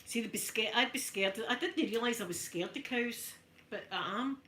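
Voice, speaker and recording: Bright-voiced Glaswegian woman, ASMR chat. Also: on the high side, normal speed, slight background noise. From Scotland. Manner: animated storyteller, broad Scots words, chatting with viewers. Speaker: ASMR creator. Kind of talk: soft-spoken ASMR chat while ironing.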